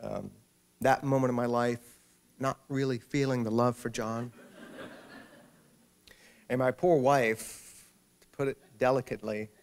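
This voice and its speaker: Author at a library talk, male, gravelly voice, humorous storyteller. Casting note. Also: mid-range voice, steady tone, unhurried, long pauses. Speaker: author speaking at a library event. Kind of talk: public talk with anecdote. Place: public library hall.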